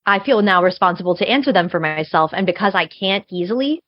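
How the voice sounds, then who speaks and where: A woman's voice: lowish voice, lively intonation, quick pace, no echo. A woman co-hosting a podcast, arguing passionately in casual chat and saying "like" often. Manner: passionate, argumentative, uses "like" often. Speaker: podcast co-host. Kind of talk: casual film discussion. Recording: dull lo-fi sound, dry.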